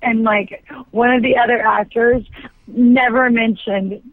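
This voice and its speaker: A woman's voice: on the high side, steady tone, measured pace, dry recording. Woman, 30s, phone-in interview guest. Chatty, filler-heavy storyteller. Thin, dry phone-line sound. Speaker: guest actress. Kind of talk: casual interview chat.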